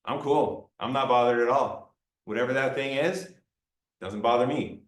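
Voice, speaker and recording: A man's voice: mid-range voice, moderate pace, natural voice. A man playing a laid-back, unbothered demon. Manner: breezy and dismissive. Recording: roomy lecture room, mic far off.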